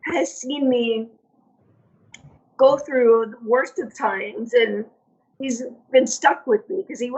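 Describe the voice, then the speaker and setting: A woman's voice: a little high, husky. A woman as a podcast guest, telling stories in a chatty way with lots of "like" and restarts. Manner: chatty, storytelling with many fillers. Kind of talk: casual interview chat. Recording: dull lo-fi audio.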